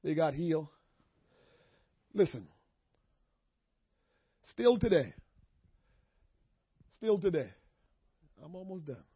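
A man, preaching a sermon to his congregation, dropping to low murmurs and then rising to shouted preaching. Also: lively intonation, slow, long pauses, breathy edge, no room sound. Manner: calls out to the congregation. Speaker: pastor. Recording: dull, lo-fi sermon audio.

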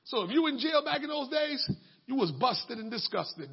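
High husky preacher, lively, emphatic, shouts, dull lo-fi recording. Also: male voice, normal speed. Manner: emphatic, colloquial, bursts into shouting. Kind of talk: sermon.

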